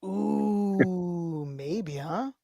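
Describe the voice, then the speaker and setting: A woman's voice: fairly low pitch, very slow, vocal fry, a crowd in the background. A woman hosting a casual podcast chat and reading out viewer comments. She rambles and repeats her phrases. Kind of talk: casual toy-collector chat.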